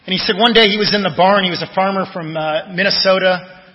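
A man pastor preaching a sermon in a conversational way, telling personal stories and letting his phrases trail off softly. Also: high-pitched, fairly even intonation, fast talker. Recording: dull lo-fi audio with long church reverb.

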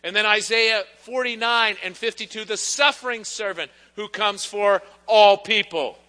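A man preaching a sermon in a conversational, teasing way, his voice high and strikingly bright. The church gives it a long, ringing reverb. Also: unhurried. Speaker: pastor. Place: church sanctuary.

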